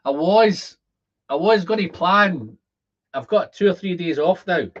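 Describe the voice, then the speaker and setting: His voice sits high and moves at a measured pace: a Scottish man in his fifties chatting through a casual whisky livestream and responding to comments. Chatty and rambling, he repeats words while thinking aloud, captured in dull lo-fi audio.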